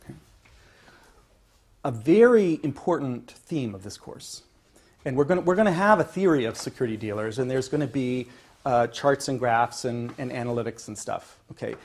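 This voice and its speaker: A male economics professor giving a university lecture, checking in with "okay?" and restarting phrases, pushing some points louder and letting others trail off. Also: medium pitch, expressive, normal speed. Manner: emphatic, builds to louder points then trails off. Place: lecture classroom.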